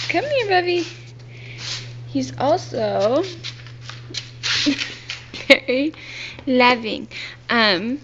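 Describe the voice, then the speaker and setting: A young woman filming at home indoors, gently coaxing a toddler and laughing often. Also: fairly high pitch, muffled recording, slight background noise. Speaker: parent filming her child. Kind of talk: casual home video.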